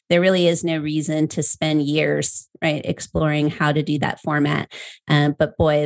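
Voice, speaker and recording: A woman's voice: low-pitched, darkish tone. A woman in a conversation about writing, thoughtful, often saying "you know" and "right". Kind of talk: conversational interview.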